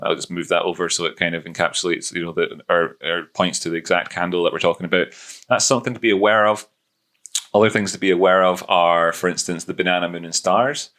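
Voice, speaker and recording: Low-voiced man rambling through charts. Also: little pitch movement, quick pace, a bit bright. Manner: rambling, self-correcting, joking asides. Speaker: host of a trading analysis channel. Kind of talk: casual screen-share chart analysis.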